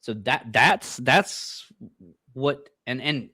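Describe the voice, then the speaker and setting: A man's voice: mid-range voice, expressive, drawn-out words, bright, forceful tone, no echo, studio quality. A man with a Midwestern American accent, co-hosting a paranormal podcast, telling stories in a laid-back way, swearing and laughing often. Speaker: paranormal investigator and podcast co-host. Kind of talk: casual chat.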